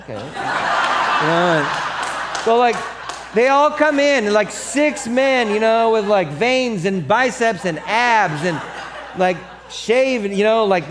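Animated male pastor, slightly high voice. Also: noisy background. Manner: animated storytelling, acts out voices; drops to soft earnest tone for the appeal. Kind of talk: sermon.

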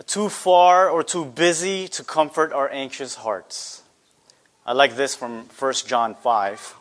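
A man's voice: fairly high pitch, a bit bright. A man preaching a sermon earnestly, asking his listeners rhetorical questions. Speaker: pastor.

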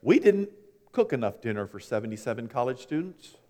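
A man preaching a sermon, telling folksy stories and swinging between hushed and loud, animated delivery. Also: mid-range voice, brisk. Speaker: pastor. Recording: long hall reverb.

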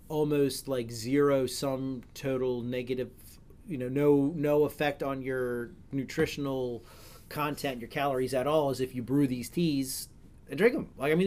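A middle-aged man hosting a podcast, chatting casually in a rambling way with frequent self-corrections and jokes. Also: medium pitch. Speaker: podcast host. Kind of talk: casual chat.

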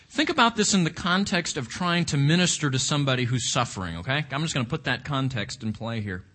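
A man's voice: mid-range voice, lively intonation, normal speed, fairly bright tone. A man leading an interactive Bible study, reflective, often asking the group questions and repeating words as he thinks.

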